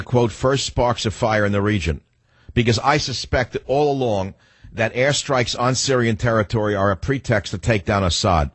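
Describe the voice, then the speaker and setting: A man's voice: mid-range voice, breathy edge, dry recording. A man hosting a political talk radio show, blunt and opinionated, rambling with restarts as he takes callers. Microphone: studio microphone.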